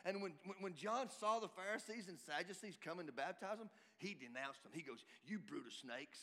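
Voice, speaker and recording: A high-voiced man preaches a sermon in a bright, forceful tone. He builds emphatically and breaks into shouts at his peaks. His voice rings out with a long hall reverb. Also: expressive, brisk. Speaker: pastor.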